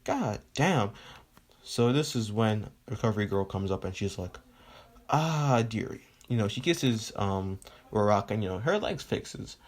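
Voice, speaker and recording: A man's voice: lowish voice, animated, normal speed. A man casually retelling a fan story, rambling and leaning on fillers like "right?" and "you know", with the odd swear.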